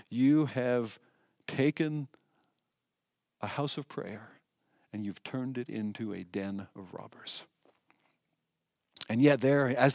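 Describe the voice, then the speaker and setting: Male preacher, mid-pitched, emphatic delivery, dry close recording. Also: no room sound. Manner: emphatic, swinging between loud and hushed. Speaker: pastor. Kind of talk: sermon.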